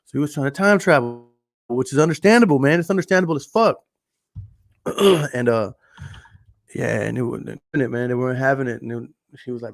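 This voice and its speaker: A man's voice: mid-range voice, a little fast, gravelly, pauses often, dry recording. A man with a Texan accent hosting his podcast in a casual monologue, swearing freely and repeating phrases for emphasis as he tells stories. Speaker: podcast host.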